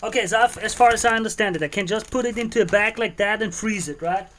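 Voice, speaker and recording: High voiced guy, cooking and rambling on a live stream in his kitchen. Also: quick pace, fairly bright tone, slight background noise. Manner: chatty, thinking aloud while cooking, moving around the kitchen. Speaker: stream host cooking a stew. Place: home kitchen.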